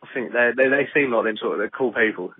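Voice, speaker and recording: Fast-talking husky podcast host. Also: male voice, no room sound. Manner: rambling, laughs often, swears casually. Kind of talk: casual chat. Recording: phone-like low-fidelity audio.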